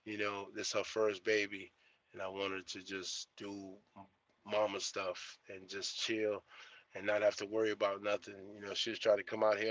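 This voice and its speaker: A man's voice: lowish voice, completely flat delivery, normal speed, fairly bright tone, no room sound, muffled recording. A young man streaming live as a trucker vlogger, chatting casually in a laid-back, slangy way and repeating himself. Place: truck cab.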